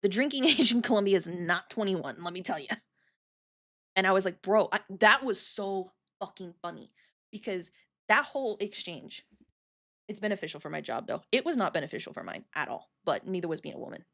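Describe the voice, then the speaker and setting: A woman in her thirties chatting casually on a livestream, telling stories with lots of swearing and quick restarts. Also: medium pitch, animated, fairly bright tone. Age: 30s. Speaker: streamer.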